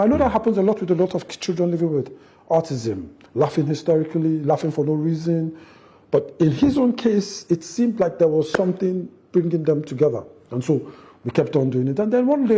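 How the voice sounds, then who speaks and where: A middle-aged man, telling a family story in an interview, animated and acting out the quotes, with frequent restarts. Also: a little high. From Nigeria. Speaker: interview guest, father.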